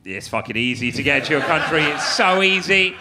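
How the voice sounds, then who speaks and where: A man's voice: a little high, expressive, a little fast, background noise. A man in his thirties from Manchester with a Mancunian accent, doing a stand-up set in a dry, sardonic way and chatting with the crowd. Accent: Mancunian English. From Manchester, England. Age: 30s. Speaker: stand-up comedian. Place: comedy club stage. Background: loud audience laughter and applause.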